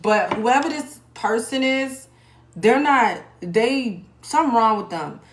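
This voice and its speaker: A woman's voice: fairly high pitch, animated, takes it slowly. A woman in her thirties or forties from New York, giving a casual tarot reading in a rambling, conversational way that repeats phrases. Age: 30s to 40s. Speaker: tarot reader. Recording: echoey room with background noise.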